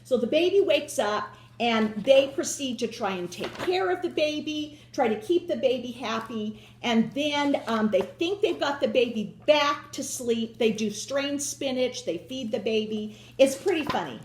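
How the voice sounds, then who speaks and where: A woman's voice: high-pitched, lively intonation, measured pace, few pauses, a little hiss or hum. Rambling woman in an echoey room. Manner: rambling, many restarts and "so anyway". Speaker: host. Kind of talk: casual chat.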